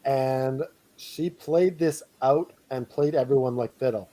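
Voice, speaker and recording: A man's voice: medium pitch, a little slow, dark tone. A man from Canada co-hosting a podcast, chatting casually with many fillers and hesitations. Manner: laughing, hesitant, full of fillers. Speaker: podcast co-host. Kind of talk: casual chat.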